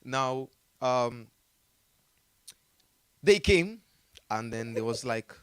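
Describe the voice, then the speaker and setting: A man's voice: mid-range voice, sing-song, slow pace, long pauses, clear, resonant tone, dry recording. A man with a Jamaican accent telling a story in a casual interview, rambling with many fillers and frequent laughter. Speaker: artist telling his story as a guest.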